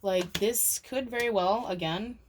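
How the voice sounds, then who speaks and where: A woman's voice: mid-range voice, measured pace, background noise. A young woman giving a casual, rambling tarot reading to camera. She uses lots of fillers and swears casually. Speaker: tarot reader.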